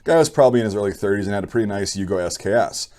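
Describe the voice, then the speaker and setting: A man's voice: fairly low pitch, expressive, very fast, a little mellow. A young man hosting his channel, bluntly giving opinions and reading viewer stories in a rambling, casual way. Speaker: channel host.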